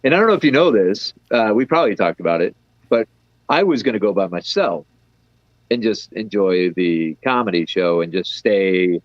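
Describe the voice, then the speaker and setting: A man's voice: lowish voice, expressive, moderate pace, dry recording, highs cut off. A man who organizes a comedy festival, chatting as a guest and telling easygoing stories. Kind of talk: casual chat.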